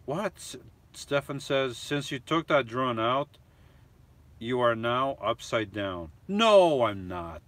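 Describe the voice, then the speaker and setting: A man of middle pitch talks casually to his live-stream audience from inside a camper van. He reads viewer comments aloud and rambles on about each one in a loose, chatty way. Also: takes it slowly, pushed and bright.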